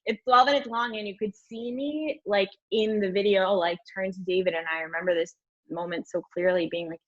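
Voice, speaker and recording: A young woman guest telling a candid story in an interview, rambling and animated, filling her speech with "like". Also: medium pitch, normal speed. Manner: rambling, animated, heavy use of "like". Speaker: podcast guest. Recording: dull lo-fi audio.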